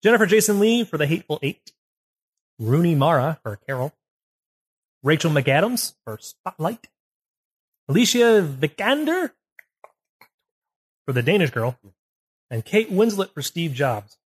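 A young man co-hosting a podcast, easygoing and halting, often correcting himself mid-sentence. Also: fairly high pitch, very animated, breathy edge. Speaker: podcast co-host. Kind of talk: casual chat.

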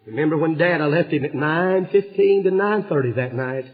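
A man preaching a revival sermon, telling stories with passion and swinging from hushed tones to shouting. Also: on the high side, moderate pace. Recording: dull lo-fi sermon recording.

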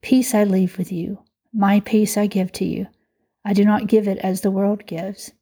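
A woman reading a scripture passage aloud at a steady, even pace. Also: mid-range voice, unhurried, slightly rough. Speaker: scripture reader.

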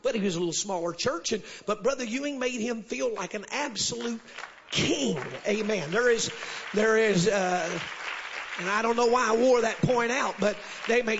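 Male preacher, high and husky, mid-sermon, lo-fi live church recording. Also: normal speed, a faint crowd, a little hiss or hum. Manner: builds to shouted call-and-response, sprinkles amen. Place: church service with congregation.

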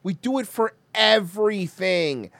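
A man's voice: sits high, animated, measured pace, fairly bright tone, dry recording. A man hosting a podcast, ranting profanely in casual chat while reacting to clips. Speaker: podcast host.

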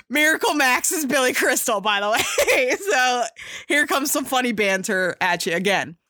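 A young woman casually retelling a movie plot, chatty and excitable, swearing and acting out quotes. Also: a little high, a little slow, no room sound, studio quality.

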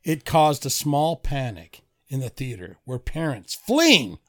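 A man's voice: mid-range voice, lively intonation, measured pace, darkish tone. A man co-hosting a casual podcast, reading movie trivia aloud with playful emphasis. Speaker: podcast co-host. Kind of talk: casual chat.

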